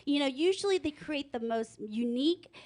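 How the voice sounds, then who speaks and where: A woman's voice: high-pitched, lively intonation, normal speed, a little mellow. A woman co-hosting a radio food show, casually chatting and describing each bite with enthusiasm. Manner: effusive, lingering over each bite. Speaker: co-host tasting food. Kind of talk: casual food-tasting chat.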